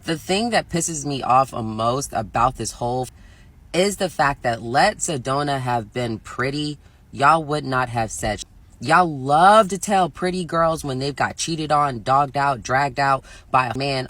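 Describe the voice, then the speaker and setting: Blunt, bright-voiced ranting woman. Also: lively intonation, normal speed, dry recording. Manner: blunt, profane, mocks others in high sing-song voices. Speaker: reaction video creator. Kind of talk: ranting commentary.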